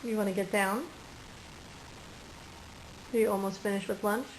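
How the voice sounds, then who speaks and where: A woman's voice: medium pitch, fairly even intonation, normal speed, long pauses, a little hiss or hum, rough recording. A woman talking playful, coaxing baby talk to a toddler at mealtime in a home video. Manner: sing-song, coaxing, playful. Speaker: parent filming toddler.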